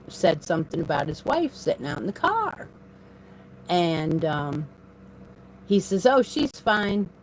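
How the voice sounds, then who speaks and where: Her voice is lowish with a darkish tone, and the rough recording carries slight background noise. She hosts a crochet channel, chatting casually on a live stream with lots of rambling and laughter, speaking into a phone propped on her desk in a home room.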